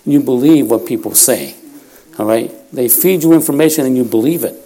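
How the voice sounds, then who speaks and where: A man's voice: mid-range voice, brisk, dark tone. A man in his fifties of Puerto Rican heritage preaches in a church, praying and then telling stories about himself. He is folksy and self-deprecating, often laughing as he talks. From Puerto Rico heritage. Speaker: lay preacher. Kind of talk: sermon with storytelling.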